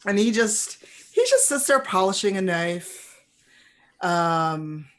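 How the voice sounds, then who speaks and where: A woman narrating a tabletop game as game master, in a relaxed, descriptive way. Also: medium pitch, slow.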